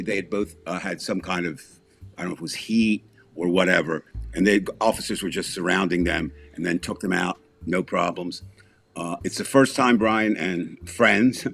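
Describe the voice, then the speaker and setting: A man's voice: low voice, vocal fry, fairly bright tone. A man chatting casually as a podcast co-host, telling a long story in a rambling way with restarts, asides and small chuckles.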